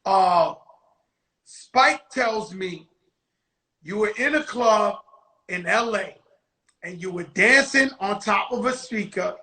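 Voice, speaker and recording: A man hosts a casual interview. His voice sits high for a man and sounds bright and forceful. He rambles and repeats words as he gets into a point. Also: expressive, slow, long pauses, low-quality recording. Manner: rambling, repeats words when starting a thought. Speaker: host.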